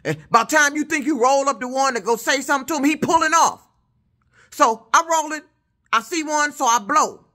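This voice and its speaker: A woman truck driver, telling a heated, profane story in a loud voice. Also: high voice, normal speed. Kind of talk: casual vlog rant.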